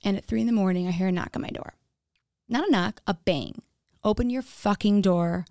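A woman's voice: mid-range voice, quick pace, gravelly, a little mellow, no echo, clean studio sound. A young woman candidly telling her own story in a casual way, acting out what others said. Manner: candid, frequent "like", acts out quoted dialogue.

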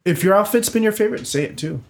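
A man's voice: high-pitched, expressive, fast, a crowd in the background. A man hosting a casual chat, pushing guests with direct questions. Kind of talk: casual interviewing.

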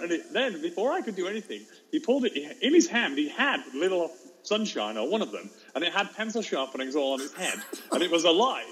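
A man, a teacher, telling a classroom story in a fast, lively way and acting out the children's voices. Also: a little high, poor audio. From England. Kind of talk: animated storytelling.

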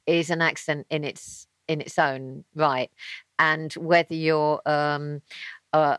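Low, slow London woman. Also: fairly bright tone, smooth, dry recording, rough recording. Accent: London English. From England. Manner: rambling, halting, self-correcting. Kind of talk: casual group chat.

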